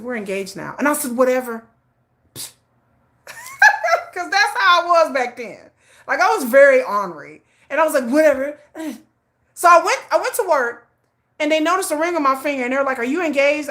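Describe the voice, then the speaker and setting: A middle-aged woman hosting a livestream, telling a story in blunt, laughing, animated casual chat. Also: high-pitched. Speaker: livestream host.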